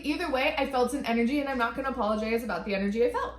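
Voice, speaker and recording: Expressive high-voiced female co-host. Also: very fast, echoey room. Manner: expressive, candid and profane. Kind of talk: casual podcast chat.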